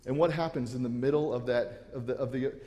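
A man preaches a sermon in a church, his voice mellow and warm at an ordinary pitch. He talks earnestly, often restarting his phrases, and a long reverb from the hall trails each line. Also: steady tone, a little fast. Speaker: pastor. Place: church sanctuary.

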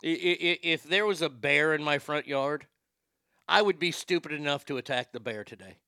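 A man hosting a show, ranting in a profane, comedic way and swinging from shouting to muttering. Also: on the high side, normal speed, gravelly, clean tone, dry recording, clean studio sound. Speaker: show host.

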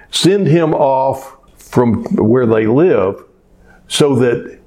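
A man's voice: mid-range voice, darkish tone. A man preaching a sermon in a folksy storytelling manner, often asking rhetorical questions. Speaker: pastor.

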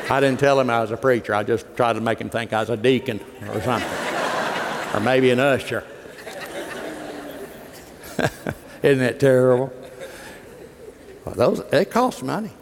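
Folksy preacher in a big hall. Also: male voice, medium pitch, normal speed, pauses often, a little hiss or hum. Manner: folksy, joking storyteller, rising to emphatic preaching. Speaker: pastor. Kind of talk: sermon. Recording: long hall reverb.

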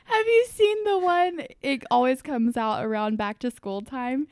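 A giggly woman co-host telling stories in an animated, casual podcast chat. Her voice is high, and the recording is close and dry. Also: a little slow, no echo.

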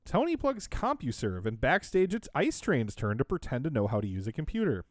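A man's voice: mid-range voice, huge pitch swings, brisk, no room sound, studio quality. A man co-hosting a podcast, recapping in casual chat with a sarcastic, wry tone and frequent laughs. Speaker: podcast co-host.

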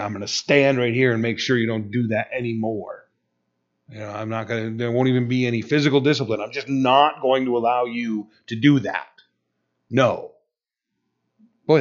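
Conversational male preacher, dull audio. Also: mid-range voice. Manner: conversational, frequent "you know" and restarts. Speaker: pastor. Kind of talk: sermon.

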